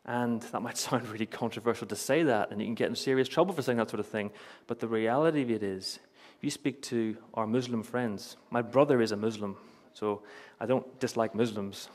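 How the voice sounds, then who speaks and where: A man's voice: medium pitch, brisk, hardly any pauses, a little mellow. A young man preaching a sermon in a church, telling personal stories with earnest, emphatic repetition and light chuckles. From Northern Ireland.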